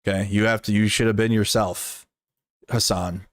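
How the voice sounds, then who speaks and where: A man gives off-the-cuff commentary in a low voice. He is blunt and profane, and he rambles with plenty of "like" fillers. The sound is close and dry. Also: steady tone, moderate pace, no echo. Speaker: streamer and political commentator. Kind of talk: casual commentary stream.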